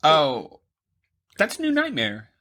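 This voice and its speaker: A man's voice: a little high, huge pitch swings, takes it slowly, bright, forceful tone. A man co-hosting a podcast in casual chat, easygoing and teasing, reading out film facts. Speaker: podcast co-host.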